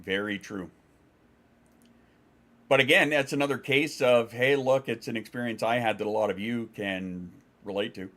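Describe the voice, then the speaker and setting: A man's voice: mid-range voice, normal speed, fairly bright tone. A man streaming from home, chatting casually and rambling, swearing and reading out chat messages.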